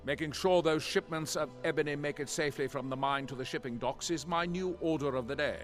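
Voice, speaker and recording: An actor playing a stern male guard captain in a game, speaking in brisk, businesslike orders. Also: a little high, faint music behind, close to an everyday voice.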